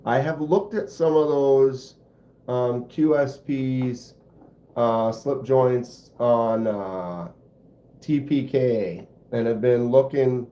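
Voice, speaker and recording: Hosting a knife channel livestream, a mellow man speaks slowly at a medium pitch, chatting casually in a rambling, self-deprecating manner. The sound is roomy and a bit dull.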